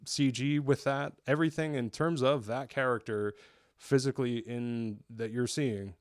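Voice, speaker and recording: Speaking at an unhurried pace in a steady, mid-range tone, a young New York–area man reviews a show in a chatty, eager, rambling style, often beginning sentences again to fix them. The studio-quality audio has no echo.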